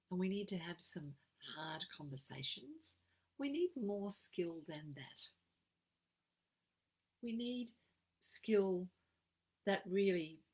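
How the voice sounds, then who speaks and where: An Australian woman giving an expressive, emphatic live-streamed wellbeing talk as a program facilitator. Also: on the low side, slightly rough, low-quality recording. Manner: expressive, emphatic, acts out quoted phrases.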